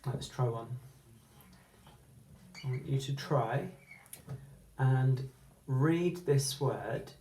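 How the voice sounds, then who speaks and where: A teacher giving a phonics lesson, slowly sounding out words syllable by syllable and letter by letter. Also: medium pitch, warm tone, a little hiss or hum. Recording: echoey room.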